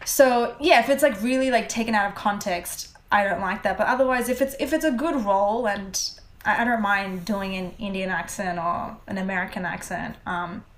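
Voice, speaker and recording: A woman's voice: medium pitch, normal speed. Chatty Australian woman, roomy sound. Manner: chatty, filler-heavy, animated. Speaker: actor, guest. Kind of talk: casual chat. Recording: roomy echo.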